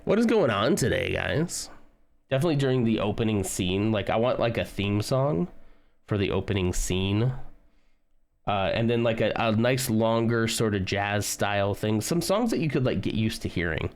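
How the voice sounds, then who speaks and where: A man's voice: fairly low pitch, moderate pace. A man casually chatting with viewers on a live stream while building a model kit, rambling and humming tunes as he works.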